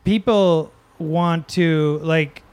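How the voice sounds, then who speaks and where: A man from Wisconsin, a podcast guest, telling rambling, animated stories in casual chat and laughing easily. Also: a little high, extremely slow, clear, resonant tone. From Wisconsin, USA.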